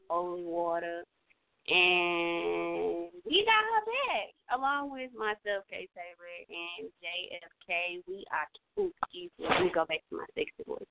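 A woman hosting a casual radio chat, animated and playfully switching voices. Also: on the low side, a little slow, gravelly. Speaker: show host. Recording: tinny phone-line sound.

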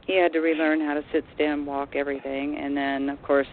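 Halting woman caller on a phone line. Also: low-pitched, flat delivery, slight background noise. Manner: hesitant, halting, filler-heavy. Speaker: caller and friend of the host. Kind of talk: phone-in conversation.

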